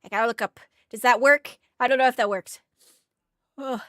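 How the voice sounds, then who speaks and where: A high-pitched woman chats casually on a live stream, rambling with lots of fillers. She turns teary and gushing as she thanks her viewers. Steady engine and car noise sits clearly under her voice. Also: normal speed. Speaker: game streamer.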